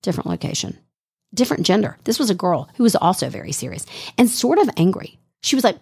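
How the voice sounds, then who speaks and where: A woman's voice: medium pitch, fast, vocal fry, husky, dry recording. A middle-aged woman co-hosting a radio show, telling a story in casual chat and acting out the quotes. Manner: animated storyteller, acts out quotes.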